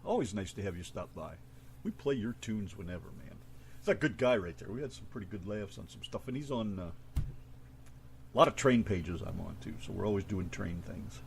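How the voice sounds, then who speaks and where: A man's voice: fairly low pitch, animated, normal speed, gravelly, a little hiss or hum. A middle-aged man with a mixed Southern American accent, co-hosting a radio show in casual, joking chat and swearing now and then.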